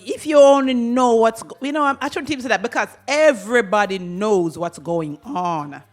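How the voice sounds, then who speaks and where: A woman's voice: on the high side, normal speed. Upbeat woman doctor on the radio. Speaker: holistic doctor, studio guest. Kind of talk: casual radio talk. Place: radio studio.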